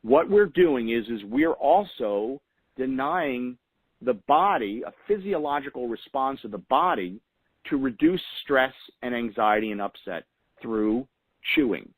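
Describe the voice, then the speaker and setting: A man's voice: mid-range voice, expressive, unhurried, dry recording, low-quality recording. A man hosting a weekly call, giving motivational coaching in an earnest way and repeating key phrases for emphasis. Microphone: phone call.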